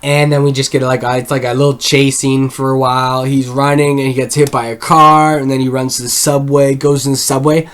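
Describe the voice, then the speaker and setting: Medium-pitched and fairly bright, this man talks briskly with few pauses and little pitch movement. He rambles through a casual film recap, swearing often and constantly saying "like."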